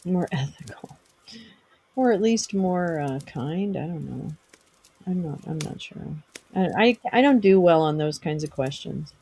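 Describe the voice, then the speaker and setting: A woman's voice: lowish voice, lively intonation, unhurried, mellow, slightly rough, rough recording. A middle-aged woman hosting a casual livestream, rambling and self-deprecating as she chats with viewers. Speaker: livestream host.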